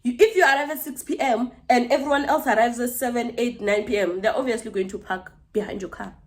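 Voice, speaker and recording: A young woman recounting a run-in in a storytime vlog, sounding indignant and animated. Her voice sits a little high for a woman, and she rushes and restarts as she builds her case. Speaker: vlogger.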